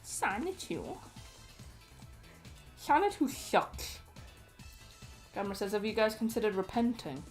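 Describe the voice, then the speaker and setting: A woman's voice: medium pitch, big pitch swings, measured pace, pauses often, faint music behind. A woman co-hosting a stream, reading chat messages aloud and tossing in dry, teasing jokes.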